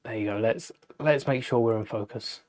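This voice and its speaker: Here a British man with a mid-range, slightly mellow voice talks at a normal speed. He's hosting a live Lego build, keeping things casual as he reasons aloud and replies to what viewers ask.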